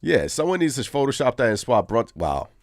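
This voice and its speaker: A man hosting a live postgame sports reaction show, animated and ranting as he talks to his viewers. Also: mid-range voice, a little fast, dry recording, studio quality. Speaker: sports podcast host.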